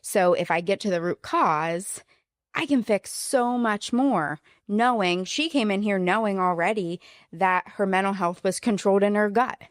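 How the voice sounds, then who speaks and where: A woman's voice: medium pitch, moderate pace, no room sound, studio quality. A woman hosting a podcast, telling a client story earnestly with hesitant fillers. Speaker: podcast host. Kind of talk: casual podcast chat.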